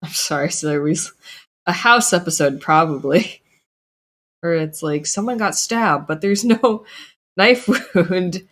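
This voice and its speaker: A woman chatting casually while playing a video game, teasing and joking, quick to laugh. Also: on the low side, animated, a bit bright. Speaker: co-player of a streamed video game.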